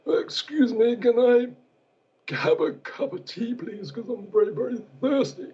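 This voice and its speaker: A man putting on a haughty, posh elderly gentleman with a prim, affected upper-class drawl. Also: extremely high pitch, lively intonation, a little slow, husky, lo-fi sound, voice pushed up, full character voice.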